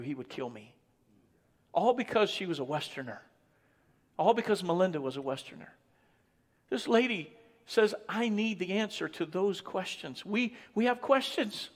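A man preaches a sermon from a church platform in a high, ringing voice. He is emphatic, repeating his phrases and building to high exclamations. His voice trails off into the long reverb of a large sanctuary. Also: a bit bright. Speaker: missionary preacher.

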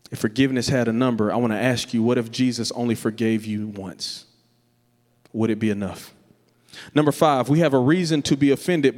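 A man preaching a sermon to a congregation, lively and playful, breaking into high voices to act out the people in his stories. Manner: animated preaching, jumps up in pitch for playful impressions of others. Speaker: pastor. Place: church sanctuary. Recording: church hall reverb.

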